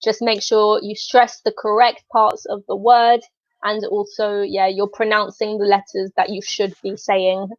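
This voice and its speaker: A woman's voice: medium pitch, level tone, unhurried, no echo. A woman co-teaching an online English lesson, friendly and supportive, giving short pronunciation pointers. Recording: dull lo-fi sound.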